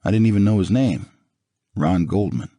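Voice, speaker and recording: Low, husky male audiobook narrator. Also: moderate pace, no room sound, clean studio sound. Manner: dramatic, expressive reading. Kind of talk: first-person audiobook narration.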